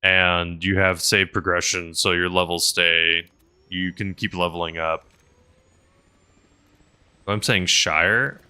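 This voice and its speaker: A man's voice: low voice, fairly even intonation, slow, pauses often, pushed and bright, smooth. A man chatting casually on a gaming livestream, rambling with lots of fillers and reading chat messages aloud. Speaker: game streamer and helicopter pilot.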